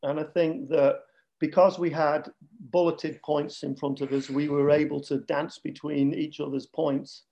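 A man's voice: on the high side, little pitch movement, measured pace, creaky, dark tone, dull audio. Joking middle-aged Manchester man. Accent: Northern English, Manchester. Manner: chatty, joking, self-deprecating. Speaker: podcast co-host, guest. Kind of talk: casual chat.

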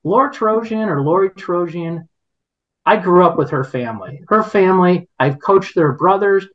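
A man's voice: high-pitched, moderate pace, lo-fi sound. A man hosting a podcast, telling a story in casual chat, indignant and rambling with many restarts. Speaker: podcast host.

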